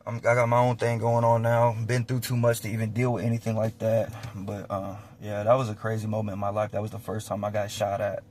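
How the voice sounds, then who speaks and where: A young man telling a personal story casually, animated and slangy with plenty of swearing, acting out gunshots with mouth sounds. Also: fairly low pitch, a little fast, hardly any pauses, a little hiss or hum. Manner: profane, slangy; winds down quiet and reflective at the end.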